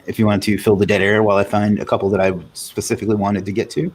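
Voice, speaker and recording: Casual male livestream host, slightly low voice, chatty; light background noise. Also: flat delivery, very fast, a little mellow. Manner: reads viewer comments aloud, loose and chatty. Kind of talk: casual live Q&A chat.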